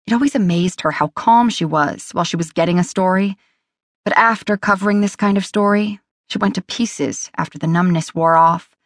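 A woman reading a romance novel aloud as an audiobook narrator, in an even, measured storytelling manner. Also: on the low side, no echo, studio quality. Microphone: close studio mic.

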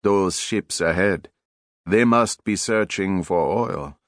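A man voicing a calm older male fisherman who speaks slowly and with resignation, read as an audiobook character voice. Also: low-pitched, no echo, studio quality. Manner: slow, unhurried, resigned.

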